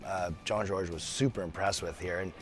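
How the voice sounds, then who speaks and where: A chef from British Columbia talks easily as a radio studio guest, his voice sitting fairly low. He is friendly and relaxed, often pausing on small fillers as he thinks. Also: soft background music. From British Columbia, Canada. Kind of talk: casual radio interview.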